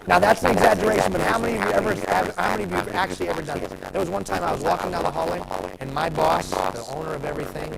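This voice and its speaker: Gravelly guy, kinda high voice, lively talk, loud crowd around him. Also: rapid-fire, rough recording. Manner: animated storytelling, audience questions. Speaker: motivational speaker. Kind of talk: live motivational talk. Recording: live talk with loud audience.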